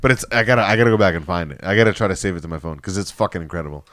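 A man's voice: sits low, rapid-fire, a bit bright. A man hosting a casual podcast, rambling and laughing while he tells stories to friends. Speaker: podcast host. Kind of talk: casual banter among friends.

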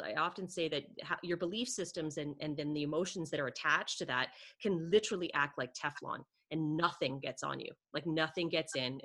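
Animated woman with bright voice. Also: sits low. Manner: animated, lots of "like" and quoted self-talk. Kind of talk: casual conversation.

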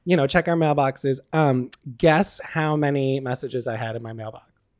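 A man in his forties co-hosting a podcast, telling self-mocking stories in animated, casual chat full of fillers. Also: mid-range voice, normal speed. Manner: animated storytelling, frequent "like" fillers; self-mocking, laughs at himself. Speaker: podcast co-host.

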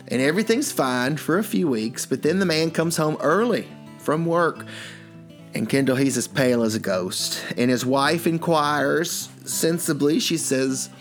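A man's voice: on the high side, expressive, a little slow, faint music behind. Chuckling man telling jokes. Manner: playful storyteller, chuckling through his jokes. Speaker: co-host. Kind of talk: joke-telling comedy chat.

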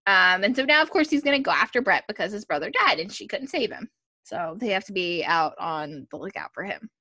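Bright, chatty woman recapping TV. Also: medium pitch, a little fast, no room sound, clean studio sound. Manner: chatty, animated retelling with filler words. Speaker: podcast co-host. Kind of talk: casual TV recap chat.

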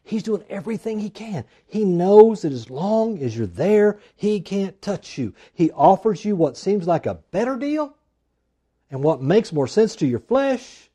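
Male pastor, husky mellow tone, lively pitch, dramatic drops to near-whispers. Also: a little slow. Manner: dramatic swings from loud emphasis to hushed asides. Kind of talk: sermon.

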